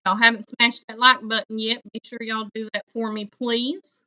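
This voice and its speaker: A woman's voice: on the high side, little pitch movement, moderate pace, pushed and bright, dull audio. A woman, hosting a casual livestream chat and greeting viewers by name in a folksy way. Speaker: livestream host.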